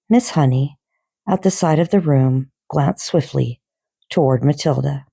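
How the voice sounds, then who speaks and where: A woman reads a children's novel aloud with an expressive storybook delivery. Her voice is low and mellow, and she takes her time. The recording is dry and close. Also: creaky, breathy edge, no room sound. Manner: expressive storybook reading, unhurried.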